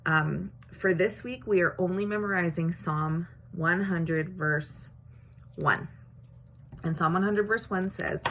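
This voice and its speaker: A woman teaching a scripture memory lesson in a chatty, animated, encouraging way. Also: on the low side, normal speed, slight background noise. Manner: chatty and animated, acts out quotes; encouraging, plainspoken. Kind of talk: casual teaching video.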